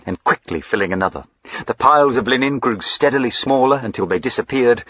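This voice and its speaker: A man with a very deep, husky voice reads the narration in an even, measured way. The sound is dry and close, with a dull, muffled tone. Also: no room sound. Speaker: audiobook narrator. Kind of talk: scripted narration.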